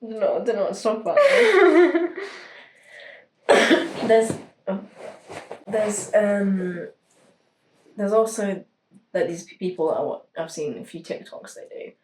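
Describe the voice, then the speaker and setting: A woman's voice: medium pitch, sing-song, a little slow, long pauses, roomy sound, poor audio. A young woman, co-hosting a podcast, telling stories with laughs and hesitations. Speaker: podcast co-host. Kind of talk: casual chat.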